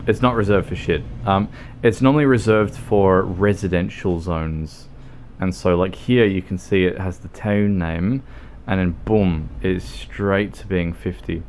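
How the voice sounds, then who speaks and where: A man's voice: low voice, fairly even intonation, unhurried, darkish tone, slight background noise. An Australian man chatting casually as a livestreamer over gameplay, rambling and joking with plenty of swearing. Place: home streaming setup.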